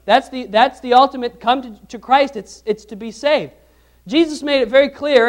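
A man preaching a sermon as pastor, asking the congregation questions and repeating phrases for emphasis. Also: sits high.

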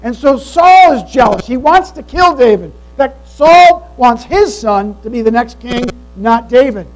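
A man's voice: very high-pitched, expressive, a little slow, low-quality recording. A man preaching a sermon as pastor, earnest and emphatic, repeating key phrases. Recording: mains hum behind the voice.

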